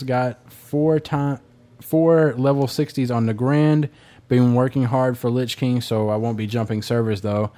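A man's voice: medium pitch, dark tone. A man hosting a casual gaming podcast, reading listener emails aloud in a laid-back way, with hesitant fillers and blunt swearing.

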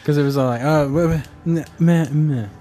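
A man talks loosely and jokily, trailing off and restarting as he reads listener mail. His voice sits a little high for a man. Faint music plays underneath. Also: normal speed, dark tone. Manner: rambling, hesitant, joking. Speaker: podcast co-host reading listener emails. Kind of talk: casual chat.

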